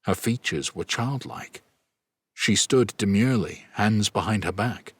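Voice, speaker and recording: A man narrating a fantasy audiobook in a steady, even storytelling manner. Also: fairly low pitch, a little slow, husky, no room sound. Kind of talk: scripted narration.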